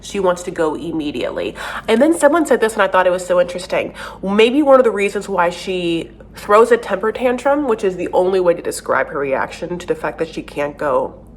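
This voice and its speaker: A woman's voice: lowish voice, expressive, moderate pace, a little hiss or hum. Sassy woman recap host, gossipy and opinionated, casual commentary. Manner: sassy, gossipy, calls listeners "honey".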